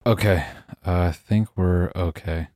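A young man co-hosting a podcast, teasing deadpan and laughing often in casual banter. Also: low-pitched, a little slow, dry recording, clean studio sound. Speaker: podcast co-host.

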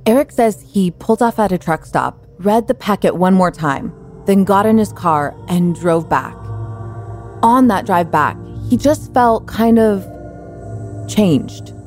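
A woman co-hosting a podcast, narrating a documentary story in a calm, conversational way. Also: mid-range voice, a little slow, faint music behind. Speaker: podcast co-host.

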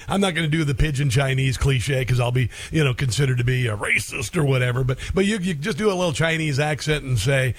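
A male talk radio host giving an animated, sarcastic monologue on a close studio mic, with lots of fillers. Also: medium pitch, fast talker, few pauses, no room sound.

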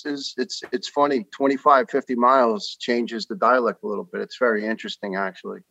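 A man's voice: medium pitch, steady tone, brisk, vocal fry, bright, forceful tone, dry recording. New York man in his fifties, dull dry line. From New York City. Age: 50s. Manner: earnest storytelling with many uhs. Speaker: podcast guest. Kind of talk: casual interview talk.

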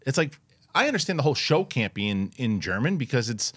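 With a medium-pitched, fairly bright voice and a breathy edge, this man talks very animatedly and quickly while co-hosting a podcast. His casual film review chat rambles, restarts often and includes some swearing, recorded with no room sound.

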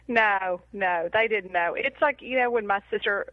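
A woman co-hosting a casual podcast over an online call, quick and animated, often giggling. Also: mid-range voice, no echo, narrow, tinny audio. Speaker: podcast co-host. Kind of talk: casual chat.

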